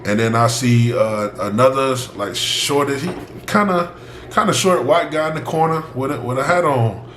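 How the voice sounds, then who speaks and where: Animated young man telling a story. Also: mid-range voice, moderate pace. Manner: animated, acts out both sides of the dialogue, laughs often. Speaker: former football player telling his story. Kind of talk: casual storytelling to camera. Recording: roomy echo with faint background noise.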